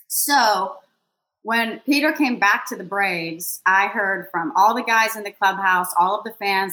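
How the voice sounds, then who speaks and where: A woman telling a lively, self-deprecating story in a casual podcast chat. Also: mid-range voice, unhurried, poor audio. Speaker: sideline reporter guest.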